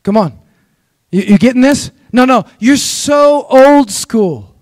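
A preacher doing a sarcastic teenage son. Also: male voice, very high voice, animated, slow, a little mellow, dry recording, studio quality, exaggerated voice. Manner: exasperated, sarcastic. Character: eye-rolling teenage son mocking his dad.

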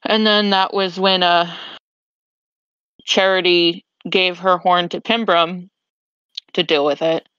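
This woman rambles through a laid-back podcast recap of a tabletop game, often starting sentences over as she recalls what happened. She speaks slowly with long pauses, in a steady, lowish voice that's a bit bright and clean, with no room sound, though the dry recording is slightly muffled.

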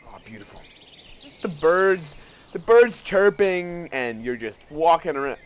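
A man giving casual let's play commentary, excitable and rambling, often gasping and joking at himself. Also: a little high, unhurried. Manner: excitable, rambling, gasps and self-mocking asides.

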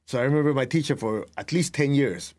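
A middle-aged man giving a spiritual lesson as a meditation teacher, talking deliberately and telling students to write points down. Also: mid-range voice, a little mellow. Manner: slow, deliberate, tells students to write things down; laughs at himself, acts out remembered exchanges.

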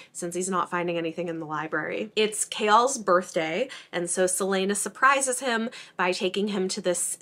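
Chatty woman recapping a novel. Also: medium pitch. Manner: chatty, mixes excerpts with excited asides. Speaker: book channel host. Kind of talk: casual book recap reading passages aloud.

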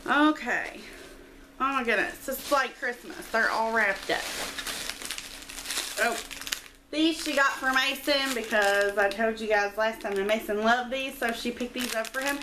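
A woman's voice: fairly high pitch, measured pace, noisy background. A middle-aged woman, chatting casually as she opens a friend's mail package at home. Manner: chatty and gushing, squeals with excitement. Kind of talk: casual unboxing chat. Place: quiet home.

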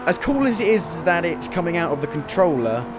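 A man of twenty giving casual, chatty commentary while playing a racing game demo, reacting with quick excited exclamations. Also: on the high side. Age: 20s. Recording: loud racing game engine noise under the voice. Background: racing car engines from the game.

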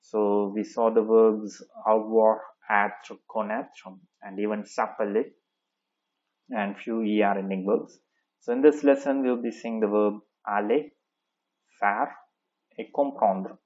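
A man's voice: fairly low pitch, fairly even intonation, slow pace, a little mellow, lo-fi sound. A male French teacher explaining grammar step by step in a patient classroom manner, often checking in with the listener.

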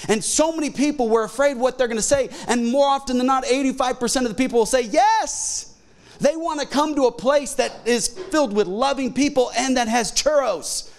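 A middle-aged man preaching a sermon as pastor in a church auditorium, talking in an animated way and jumping into quoted voices. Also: very high voice, a little fast, hardly any pauses.

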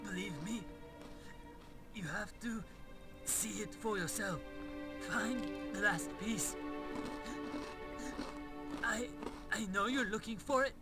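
An actor playing a mysterious dying old man who speaks in weak, halting phrases and coughs between words. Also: high-pitched. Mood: urgent, weak. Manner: slow and halting, trailing off. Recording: distant voice under loud music.

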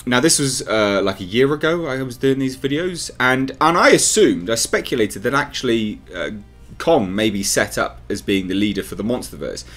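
A man hosts his own film commentary channel, talking casually to camera. His voice sits at an ordinary middle pitch, and he thinks out loud in a chatty, speculative way. Faint music plays underneath. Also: animated, normal speed. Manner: chatty, speculative, talks straight to viewers.

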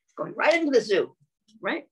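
A woman reading and singing to young children in a gentle voice, often asking them questions and clearing her throat. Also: a little high, big pitch swings, a little fast. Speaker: children's storyteller.

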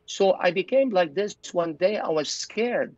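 A man's voice: sits high, lively intonation, a little slow, darkish tone, dry recording. An older man, a pastor and doctor, telling his personal testimony as an interview guest in an earnest, storytelling way. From Lebanon. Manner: earnest storyteller, acts out his own quoted thoughts. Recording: dull, dry lo-fi recording.

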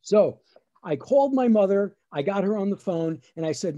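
This lawyer-comedian, a middle-aged New Jersey man, does storytelling stand-up over a webinar call with a voice that sits high and a moderate pace. He gets animated recounting comic family tales and slips into the voices of his relatives.

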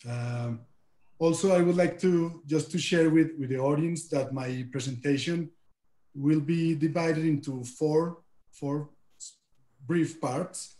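A Spanish-speaking man from Colombia gives a webinar talk in English with a marked Colombian accent. His voice sits a bit high and the call audio sounds roomy. He often repeats words as he builds his sentences. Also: dark tone. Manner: careful, halting, with many repeated words. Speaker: guest speaker. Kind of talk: webinar presentation.

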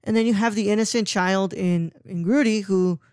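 A man's voice: sits high, moderate pace, clean tone, no echo, studio quality. Rambling young man guesting on a podcast. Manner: rambling, repeats "what's it called", animated. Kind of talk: casual film discussion.

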